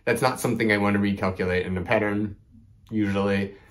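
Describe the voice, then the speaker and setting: A man's voice: lowish voice, fairly even intonation, fast talker. A young man hosting a knitting video, chatting casually to camera with lots of "like" and "um". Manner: chatty, rambling, frequent "like" and "um". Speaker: knitting podcast host.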